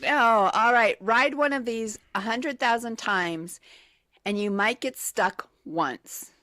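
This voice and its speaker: A woman's voice: on the high side, slow pace, bright, forceful tone, dry recording. A woman co-hosting a morning radio show, playfully reading out trivia clues and giggling with her partner at a studio microphone.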